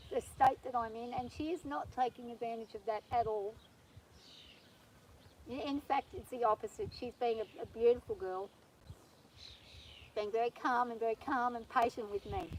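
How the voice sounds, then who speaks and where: A woman vlogging from horseback on her farm, talking nervously and gently soothing her horse. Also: a little high, slight background noise, poor audio. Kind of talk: casual spoken vlog.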